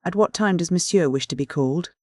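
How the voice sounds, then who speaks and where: A man's voice: high voice, a little fast, a little mellow, no room sound, studio quality, voice pushed up, close to an everyday voice. A man voicing a demure young French maid.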